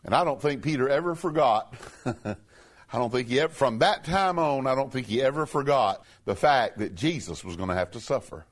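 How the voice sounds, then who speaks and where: A man preaching a sermon, talking plainly to his congregation and reading scripture aloud slowly and emphatically. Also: mid-range voice, expressive. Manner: emphatic, reads scripture in a slow raised voice.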